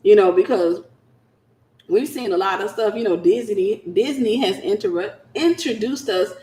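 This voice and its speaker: A woman teaching in a conversational, animated preaching style, acting out scenes as she goes. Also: mid-range voice, a little slow. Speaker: Christian teacher. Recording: roomy echo.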